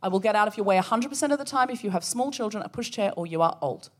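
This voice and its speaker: A woman co-hosting a live comedy podcast, telling a story with animated energy and acting out the voices of the people in it. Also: mid-range voice, rapid-fire. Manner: animated, acts out quoted voices. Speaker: podcast co-host. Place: live theatre show.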